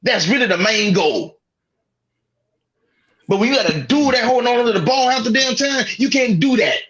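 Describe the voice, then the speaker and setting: A man's voice: very high voice, lively intonation, moderate pace, fairly bright tone, highs cut off. A man co-hosting a sports talk show, ranting in an exasperated, profane way. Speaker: podcast co-host. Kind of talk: heated sports rant.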